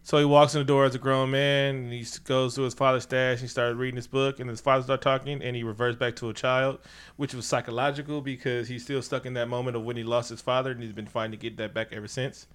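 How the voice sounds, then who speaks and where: A man chatting casually about a film, retelling the plot with lots of animation. His voice is bright and clear, and he keeps breaking into exaggerated character voices. The talk is loose and conversational. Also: medium pitch, little pitch movement, fast. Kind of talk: casual movie recap chat.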